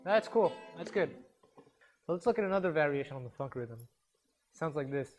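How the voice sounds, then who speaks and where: High-voiced man teaching guitar rhythms. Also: fairly quick. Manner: counts beats and sings rhythms aloud; relaxed, encouraging, self-deprecating. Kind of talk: instructional workshop talk. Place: workshop room with students. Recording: guitar music in the background. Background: guitar playing.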